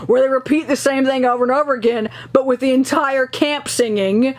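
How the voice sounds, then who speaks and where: A young woman vlogger telling stories casually, animated and laughing as she acts out dialogue. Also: sits high, brisk. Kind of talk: casual storytelling.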